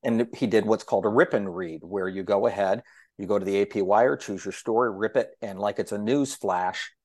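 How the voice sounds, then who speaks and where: In a relaxed storytelling chat, this man, a veteran broadcaster and self-confessed yapper, plays out each quoted line with lively energy as a chatty guest. His fairly low voice moves briskly, and the studio-quality audio carries no echo.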